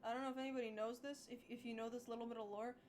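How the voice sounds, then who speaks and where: A woman's voice: fairly even intonation, racing, a little mellow, a little hiss or hum. Tired, rambling young woman streamer. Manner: candid, rambling, sweary, low-key. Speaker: art streamer. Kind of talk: casual live-stream chat.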